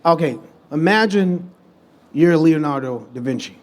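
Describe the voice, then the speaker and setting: A man with a slightly higher voice talks on a live stage in front of an audience. He tells stories loosely, restarting sentences and acting out the voices of the people he quotes with big jumps in energy. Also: unhurried. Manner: animated storytelling, acts out quoted dialogue. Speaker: guest musician and producer. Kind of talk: live podcast conversation.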